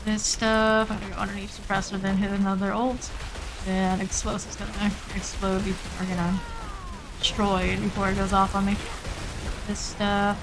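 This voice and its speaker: A woman streamer giving steady, matter-of-fact running commentary while she plays a game live. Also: medium pitch, normal speed, noisy background.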